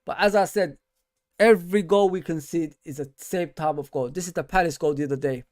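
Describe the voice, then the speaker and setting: A man's voice: fairly quick, a little mellow, dry recording, clean studio sound. A man hosting a fan show, ranting in exasperation and reading out viewer comments, with casual slang like bro and man. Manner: frustrated, exasperated ranting with rising pitch. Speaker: host.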